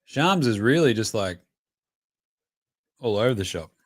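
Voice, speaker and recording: Excitable Australian man reacting live. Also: on the low side, unhurried, no room sound, studio quality. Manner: excitable, profane, cheers and chants at the screen. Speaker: podcast host.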